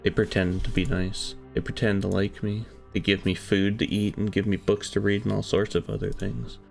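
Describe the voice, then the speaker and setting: A man narrating a dark first-person story in a hushed, brooding, confessional way. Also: fairly low pitch, flat delivery, moderate pace, creaky. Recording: soft music behind.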